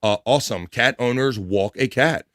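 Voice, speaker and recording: A man's voice: medium pitch, moderate pace, a bit bright, no room sound, studio quality. A man hosting a casual livestream, reading viewer comments aloud with crude, jokey banter and frequent laughs. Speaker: livestream host.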